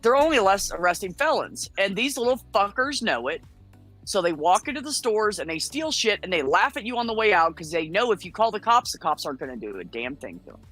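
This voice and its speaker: A woman from the United States tells her story in a blunt, swear-filled and lively way. Her voice is bright and forceful. Faint music plays behind her. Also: medium pitch, a little fast. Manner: blunt, profane, animated storytelling. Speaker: guest. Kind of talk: casual storytelling on a chat show.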